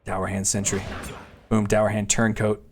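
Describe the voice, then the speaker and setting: A man's voice: lowish voice, completely flat delivery, measured pace, slight background noise. A man giving casual, playful gameplay commentary, with apologetic, laughing asides. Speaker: let's play host.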